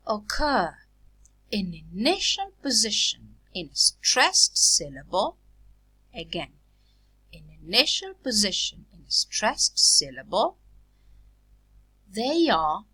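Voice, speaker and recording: A woman teaching phonetics in a recorded lecture, speaking deliberately and repeating example words. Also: mid-range voice, bright, forceful tone, slightly rough, rough recording.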